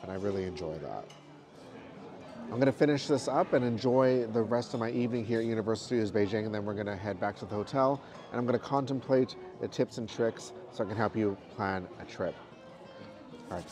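A man in a casual travel vlog, chatting in a relaxed way while reviewing food and giving park tips. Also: lowish voice. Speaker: travel vlogger. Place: theme park restaurant, then hotel.

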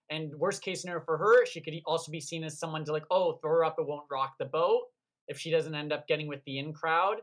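A man giving a measured, analytical take on a casual panel. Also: fairly high pitch, fairly bright tone. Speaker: panel guest.

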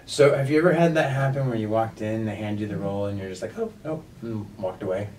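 A man interviewing a guest in a relaxed, friendly way, laughing along with her. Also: fairly low pitch, fast talker. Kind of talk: casual convention interview. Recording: echoey room, far from the mic, faint noise.

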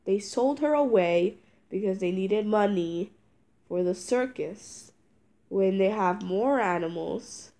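A woman's voice: mid-range voice, lively intonation, slow pace, warm tone. A congested teenage girl talks straight to her viewers, sick and stuffy but still fired up. She rambles through her complaints with lots of ums, likes and restarts. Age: teens. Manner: rambling, with many fillers and restarts; indignant ranting. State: congested from a cold. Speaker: vlogger. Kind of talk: casual talking-head review.

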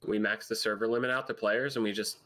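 A man chatting and teasing his friends during a multiplayer game session, quick to laugh. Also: fairly low pitch. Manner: lively, teasing, laughs easily. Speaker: gaming friend. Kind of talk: casual gaming chat with friends.

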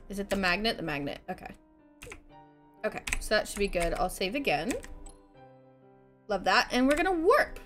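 A woman live-streaming a video game, chatting casually, giggling and thanking her viewers. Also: mid-range voice. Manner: giggly, animated, talks to herself and thanks chat.

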